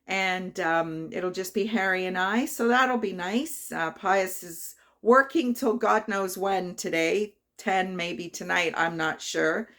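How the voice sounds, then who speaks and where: A woman's voice: lowish voice, slow, hardly any pauses, a bit bright. A woman in her fifties, talking casually to her vlog viewers. She tells a personal story with feeling and many fillers. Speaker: vlogger.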